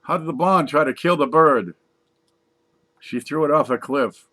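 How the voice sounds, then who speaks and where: A man casually reading jokes aloud from a page, putting on higher voices for the punchlines. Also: moderate pace, pushed and bright. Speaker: joke reader.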